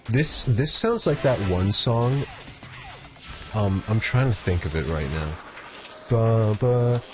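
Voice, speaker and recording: Animated young man who stammers. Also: on the low side, a little slow. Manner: animated, stammers and restarts often. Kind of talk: casual chat while gaming. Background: faint game music.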